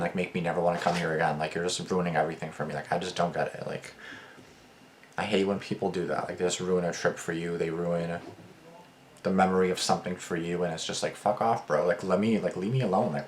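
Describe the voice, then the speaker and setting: A man's voice: sits low, steady tone, fast talker, a little hiss or hum. A man hosting a reaction video, rambling casually with lots of swearing and filler words. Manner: rambling, profane, lots of "like" and "bro".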